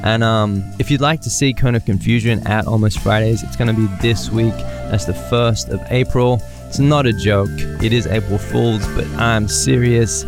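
An Australian-accented man hosts a podcast, chatting in a casual interview style that's upbeat and often self-deprecating. His voice is lowish with fairly even intonation, at a moderate pace with hardly any pauses, and music plays in the background.

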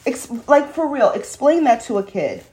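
A woman's voice: sits high, big pitch swings, normal speed, dark tone. Chatty woman telling stories. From New York City. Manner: chatty storytelling with digressions. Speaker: podcast host. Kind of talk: casual solo monologue. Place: home studio.

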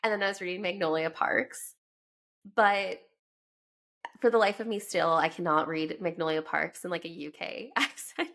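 A woman's voice: on the low side, steady tone, normal speed, creaky, a bit bright. Chatty Canadian woman with a cold. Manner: chatty, laughs often, goes off on tangents. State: sick with a cold. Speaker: podcast host. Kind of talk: casual podcast chat.

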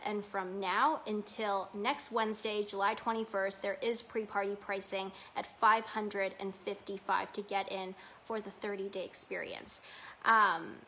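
A woman's voice: mid-range voice, bright, forceful tone, a little hiss or hum. A woman hosting a podcast as a self-love coach, talking in a gushing, enthusiastic, casual way.

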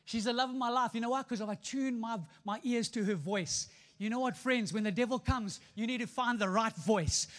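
A man's voice: high-pitched, a little fast, pushed and bright. A man preaching a sermon to a congregation, emphatic, repeating phrases and calling for responses. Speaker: pastor. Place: church stage before a congregation. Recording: long hall reverb.

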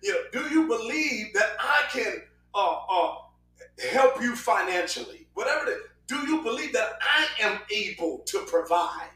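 A man delivers a sermon in a high, ringing voice, animated and prone to sudden shouts and fast asides. He sounds slightly off-mic and recorded from a distance, with the room echoing around him and a little background noise.

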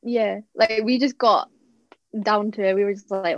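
A woman's voice: medium pitch, a little fast, no echo, highs cut off. A young woman with a Scottish accent, a guest on a casual podcast, chatty and a little bashful, laughing easily.

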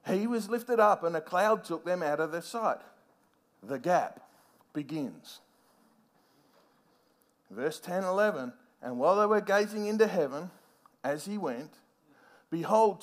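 High-voiced man preaching a sermon. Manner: animated, rising to emphatic, playfully acts out scenes.

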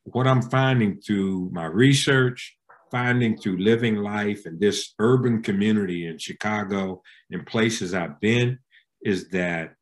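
Emphatic preacherly man, lively pitch. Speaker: pastor and interview guest. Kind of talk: conversational interview answer.

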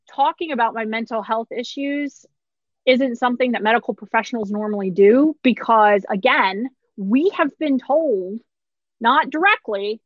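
A woman's voice: a little high, no room sound, highs cut off. A woman in her thirties, a pharmacist, candidly telling a personal story with short laughs through hard moments.

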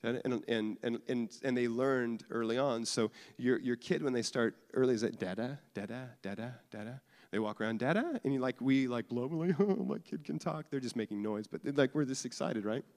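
A man in his thirties preaching to a congregation in a loose, conversational way, full of jokes and repeated starts. His voice sits in an ordinary middle pitch. The sound carries a long reverb from the church hall. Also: fairly quick, hardly any pauses, a little mellow. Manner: conversational, jokey, repeats and restarts often. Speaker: pastor. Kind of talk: sermon. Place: church sanctuary.

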